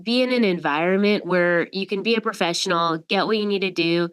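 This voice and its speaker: A woman's voice: fairly low pitch, brisk, clear, resonant tone. A woman in her forties, a company CEO, speaking reflectively in a casual chat. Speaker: CEO and former legal counsel.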